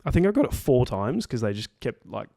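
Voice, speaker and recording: A man's voice: medium pitch, sing-song, brisk, gravelly, mellow, no echo. Rambling young Australian man, very dry. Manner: rambling, swears freely, heavy "like" and "um" fillers. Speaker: podcast co-host. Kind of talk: casual storytelling chat.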